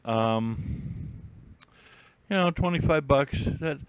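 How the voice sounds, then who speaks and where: Male streamer, smooth voice, dry close sound; chatty and rambling, thinks out loud. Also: medium pitch, expressive, slow, no room sound, poor audio. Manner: rambling, chatty, with many fillers and restarts; thinks aloud while browsing listings. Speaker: YouTube host. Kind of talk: casual live-stream chat.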